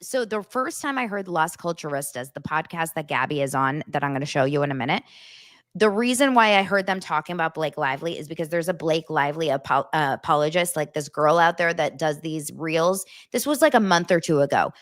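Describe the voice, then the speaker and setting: A woman hosting a casual chat podcast, telling stories quickly and excitedly, laughing often. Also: low-pitched, dry recording, clean studio sound. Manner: excitable, fast storytelling with lots of laughs. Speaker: podcast host. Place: home studio set.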